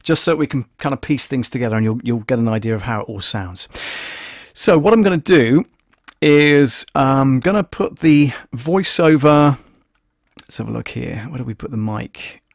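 A man hosting a live stream, casually explaining audio software and thinking aloud as he works. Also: mid-range voice, expressive, moderate pace, vocal fry, no echo, studio quality. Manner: chatty, thinking aloud with many fillers.

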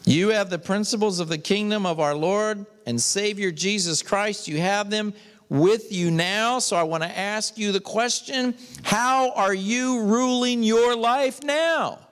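A man's voice: sits high, normal speed, a bit bright, clean tone, in a large hall. A man preaching an emphatic sermon as a pastor, speaking in a church sanctuary.

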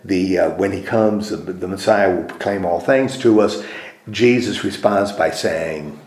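The roomy echo of a church meeting room surrounds this man, whose low, darkish voice moves a little slowly. Leading a group Bible study, he asks questions and repeats the group's answers.

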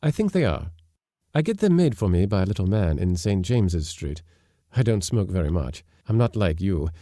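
A man reading aloud, voicing an earnest, self-assured gentleman who speaks intimately of the past. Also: low-pitched, sing-song, moderate pace, no room sound, studio quality.

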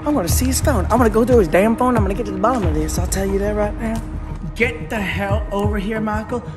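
A man voicing a brash, foul-mouthed middle-aged wife in a parody sketch, shouting and cursing. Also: high-pitched, fast, lightly acted. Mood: furious. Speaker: comedian. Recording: roomy echo, mic far off, loud music.

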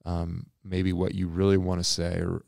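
Low gravelly guy chatting on a church podcast, thinks out loud, lots of ums. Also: completely flat delivery, dry recording, clean studio sound. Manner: thoughtful, self-deprecating, pauses with fillers. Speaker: pastor and podcast co-host. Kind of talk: casual podcast discussion.

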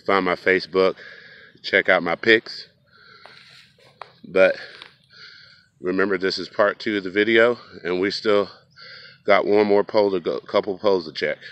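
A man's voice: deep voice, steady tone, unhurried, pauses often, a bit bright, smooth, dry recording, dull audio. A man vlogging casually outdoors by a riverbank, talking straight to his viewers in a folksy way. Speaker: fishing vlogger.

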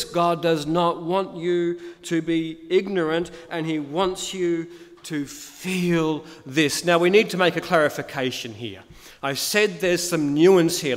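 A male pastor preaching a sermon, emphatic, repeating key phrases and asking rhetorical questions. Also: sits high. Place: church. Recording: long reverb of a church hall.

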